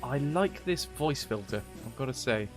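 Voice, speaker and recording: A man's voice: medium pitch, expressive, moderate pace, soft background music. A man streaming a game, chatting casually and rambling with jokes as he plays. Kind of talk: casual gameplay commentary.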